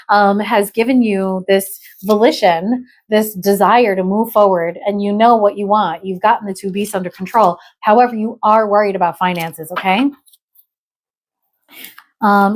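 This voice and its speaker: A woman giving a live tarot reading in a chatty, exclamatory way, often checking in with "okay?". She says she is not feeling well. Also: mid-range voice. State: unwell. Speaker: tarot reader.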